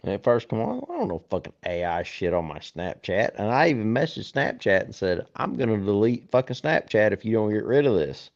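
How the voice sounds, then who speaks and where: Brief: male panelist, low and expressive, blunt and profane, dull muffled recording. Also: a little fast, few pauses. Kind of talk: casual podcast chat. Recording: muffled lo-fi mic.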